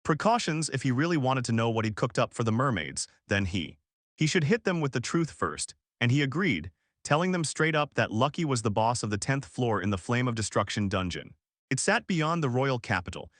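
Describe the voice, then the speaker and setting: Brief: male recap narrator, animated swings in pitch, dry close sound, slangy punchy delivery. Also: dry recording. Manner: punchy, slangy retelling with quick restarts. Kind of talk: casual story recap narration.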